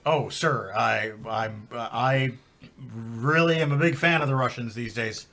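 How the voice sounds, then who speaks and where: A man's voice: medium pitch, measured pace, fairly bright tone, lightly acted. A man playing a flustered radio call-in host. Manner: flustered, stammering, breaks into laughter. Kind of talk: improvised comedy sketch.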